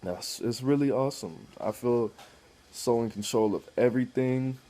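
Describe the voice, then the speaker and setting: A man's voice: medium pitch, moderate pace, dark tone. A man talking casually to the camera in a blunt, rambling way, full of swearing, about his life. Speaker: vlogger.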